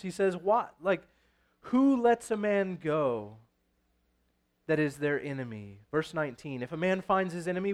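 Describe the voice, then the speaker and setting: A man preaching, reading scripture aloud and then explaining it in a conversational way, often checking in with "right?". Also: on the high side. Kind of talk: sermon.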